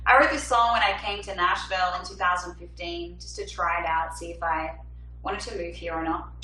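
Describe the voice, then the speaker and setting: A bubbly young woman talks between songs on a livestream from her apartment, reading viewers' comments aloud. Her voice is bright and lively, and the room sounds echoey with the mic set back from her. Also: fairly low pitch, a little fast, far from the mic, a little hiss or hum. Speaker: singer-songwriter hosting a livestream.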